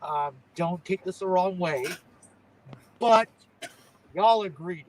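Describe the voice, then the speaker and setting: A man's voice: sits high, takes it slowly, a little hiss or hum, low-quality recording. A young man, a pro wrestler, chatting in an interview, rambling and tagging "you know what I'm saying" onto his thoughts. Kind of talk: casual interview chat.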